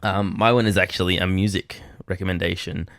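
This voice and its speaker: A man's voice: sits low, steady tone, fairly quick, gravelly, fairly bright tone, no echo, clean studio sound. A young man co-hosting a podcast, chatting casually in a rambling way with lots of fillers. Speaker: podcast co-host. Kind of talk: casual chat.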